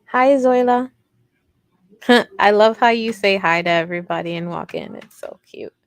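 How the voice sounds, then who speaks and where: A woman's voice: mid-range voice, normal speed, smooth, no room sound. A woman hosting a casual livestream crochet tutorial, chatty and rambling, talking directly to her viewers.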